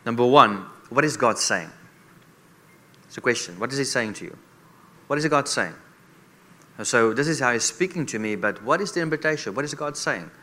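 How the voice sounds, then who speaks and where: A man's voice: medium pitch, expressive, brisk, long pauses, sharp tone. A man preaching a sermon as a guest speaker, repeating rhetorical questions to the congregation.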